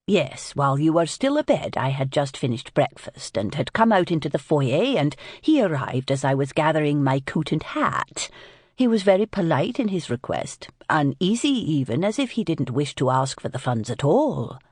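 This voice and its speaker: A woman's voice: sits low, very animated, moderate pace, darkish tone, husky, no room sound, clean studio sound, exaggerated voice. A woman narrator voicing a flustered, apologetic older father with white hair who rambles sheepishly and defensively.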